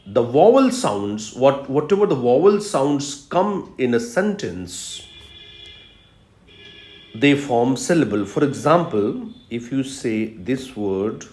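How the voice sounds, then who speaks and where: Male professor, unhurried lecture, repeats key terms, echoey room. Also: mid-range voice, big pitch swings, darkish tone, soft background music. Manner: explains step by step, repeats key terms, frequent "uh" fillers. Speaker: professor of literature. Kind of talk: recorded video lecture. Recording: roomy echo.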